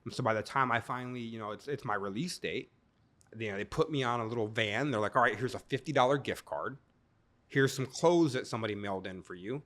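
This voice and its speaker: A man in his thirties tells his story as a podcast guest, talking candidly with an easy, joking humor. His voice sits at an ordinary middle pitch. His delivery livens up when he acts out other people. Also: fast, fairly bright tone.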